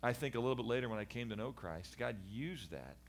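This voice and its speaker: A middle-aged man, a guest in a conversation, giving a candid personal testimony about his past in an animated, earnest way with frequent restarts. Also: mid-range voice, quick pace, vocal fry. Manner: animated storyteller, acts out voices of people in his story. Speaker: guest sharing his life story.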